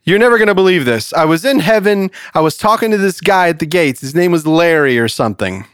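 A man's voice: on the high side, lively intonation, fast talker, clear, resonant tone, no room sound, voice pushed up, lightly acted. A raised, eager voice for a chatty pigeon that was once an old man, as a man puts it on in a joke. He leans in and confides his news from the other side. The sound is close and dry.

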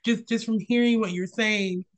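A woman's voice: fairly high pitch, fairly even intonation, moderate pace, poor audio. A woman chatting casually in an encouraging way as a machinima creator in a roundtable.

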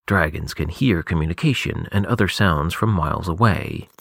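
Man doing a slow, stern party member. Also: deep voice, vocal fry, fairly bright tone, slightly rough, no echo, studio quality, voice pushed down, full character voice.

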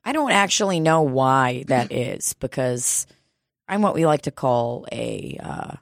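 A woman's voice: rumbling low, sing-song, measured pace, vocal fry, no room sound, studio quality. A woman chatting casually and comedically, laughing often and swearing freely. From Russian family background.

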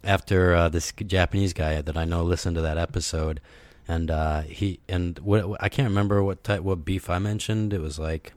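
Low-voiced guy rambling on a podcast, lots of uh and like, dry sound. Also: fairly even intonation, moderate pace, hardly any pauses, a little mellow, no room sound. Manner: rambling, many fillers and laughs. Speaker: podcast co-host. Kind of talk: casual podcast chat.

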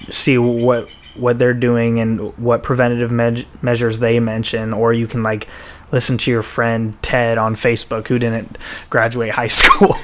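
A man talking loosely on a podcast, in a mid-pitched, everyday voice. He rambles and swears casually, backing up to restart sentences and filling gaps with "like" and "uh". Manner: rambling, profane, with frequent restarts and fillers. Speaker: podcast host.

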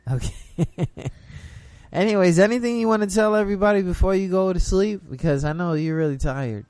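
A man's voice: sits high, moderate pace, a little mellow, no echo. A young man hosts a casual late-night show. He rambles loosely and keeps asking "you know what I'm saying". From the Bronx, New York. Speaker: host.

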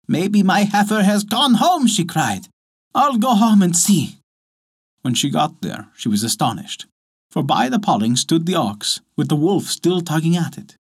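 A man narrating a folk tale as storyteller, lively and expressive. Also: a little high. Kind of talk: scripted narration.

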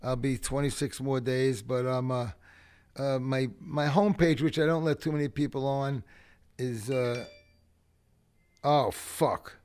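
A man, a podcast guest telling profane, animated stories. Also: medium pitch, unhurried, clear, resonant tone. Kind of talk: storytelling chat.

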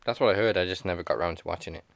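A man's voice: sits low, rapid-fire, vocal fry. A man co-hosting a podcast, chatting wryly and teasing the others. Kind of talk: casual podcast banter.

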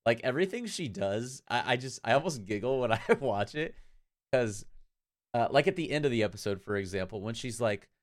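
A man co-hosting a casual fan podcast, talking in a rambling, animated way and laughing often. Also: medium pitch, brisk. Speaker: podcast co-host.

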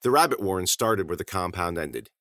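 A man reading scripted audiobook narration in animated, clipped sentences. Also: sits low, fairly quick, no room sound, clean studio sound.

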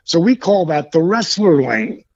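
A man's voice: fairly high pitch, big pitch swings, a little slow, darkish tone, lo-fi sound. A man, a former wrestler, telling a profane story in a podcast interview with a lot of animation. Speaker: retired wrestler and yoga program founder.

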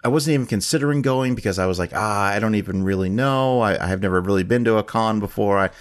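A man hosting a podcast, telling a long anecdote in a casual, animated way, jumping up in pitch when he quotes people. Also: fast talker. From United States. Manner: animated storyteller who raises his pitch for quoted people. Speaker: podcast host. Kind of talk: casual storytelling chat.

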